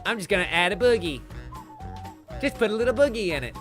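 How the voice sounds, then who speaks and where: A man commenting on a party game for a live stream audience, playful and sarcastic, his pitch swinging animatedly from phrase to phrase. His voice sits a little high, with faint game music underneath. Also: sing-song, fast, fairly bright tone.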